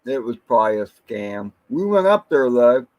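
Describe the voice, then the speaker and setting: Heard through dull audio, a man with a mid-range, sing-song voice hosts a relaxed drone channel livestream. He drifts slowly through rambling memories and calls out viewers in the chat by name.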